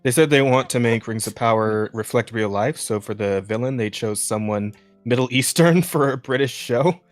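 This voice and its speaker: A man's voice: medium pitch, normal speed, dry recording, soft background music. A man hosting a casual podcast chat who rambles with many fillers, swears and laughs often. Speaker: podcast host.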